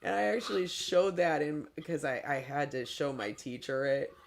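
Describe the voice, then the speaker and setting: A man's voice: fairly high pitch, expressive, normal speed, creaky. A man from Michigan with a Midwestern accent, hosting a livestream in casual chat, laughing often and mimicking accents. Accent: Midwestern American. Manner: chatty, laughs often, puts on silly accents. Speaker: livestream host.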